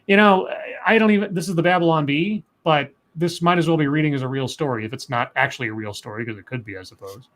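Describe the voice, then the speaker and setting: A man's voice: on the high side, quick pace, hardly any pauses, a bit bright. A man co-hosting a casual livestream, reading news stories aloud and rambling on with chatty asides and fillers.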